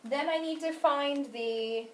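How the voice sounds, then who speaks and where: A woman's voice: high-pitched, takes it slowly. A woman teaching a phonics lesson, asking questions and praising answers patiently. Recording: echoey room, mic at a distance.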